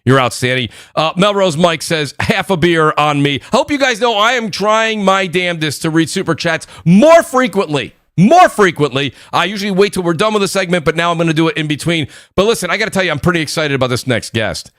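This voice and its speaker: Loud NY podcast host, rapid-fire shout-outs, a touch high, dry close-miked sound. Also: male voice, lively intonation, no room sound. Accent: New York. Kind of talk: live gaming podcast chat.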